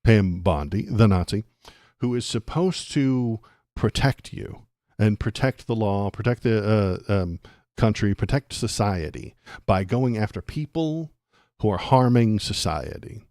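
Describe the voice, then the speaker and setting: Brief: male political streamer, low voice, dry close mic, ranty and sarcastic, laughs along with chat. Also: expressive, a little slow, darkish tone, no echo. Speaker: political livestream host. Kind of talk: ranting livestream commentary.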